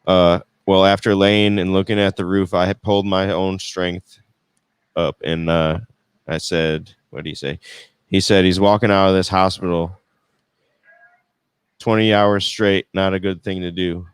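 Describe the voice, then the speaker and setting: A man co-hosting a casual chat who reads viewer comments aloud in a halting way. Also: sits low, fairly even intonation, clear, resonant tone, no echo. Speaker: podcast co-host reading chat.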